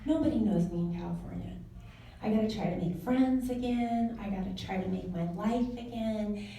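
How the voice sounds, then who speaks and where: A woman in her forties giving a personal talk to an audience, telling stories in a lively way and laughing often. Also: medium pitch, moderate pace, slight background noise. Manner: animated storytelling with laughs. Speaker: speaker. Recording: echoey room, mic from a distance.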